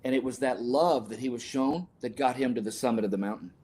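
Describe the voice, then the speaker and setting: A man's voice: mid-range voice, quick pace, a little mellow, slightly rough. Earnest storytelling man, emotional. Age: older. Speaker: guest, sports scientist and author. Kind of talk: storytelling in a podcast interview.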